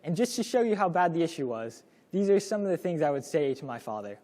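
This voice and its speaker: A man's voice: a little high, sing-song, fast talker, mellow, long reverb tail. A young man presenting a parenting lesson to a class in a casual, storytelling way, acting out the lines he quotes. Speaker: course presenter.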